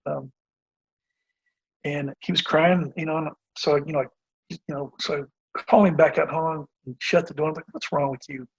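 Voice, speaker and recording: A man in his forties, a basketball coach, tells a long story in an earnest, rambling way, full of fillers and restarts. His voice sits fairly high and sounds husky. The recording is dull and lo-fi. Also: steady tone, moderate pace, pauses often. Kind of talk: casual interview storytelling. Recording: dull lo-fi audio.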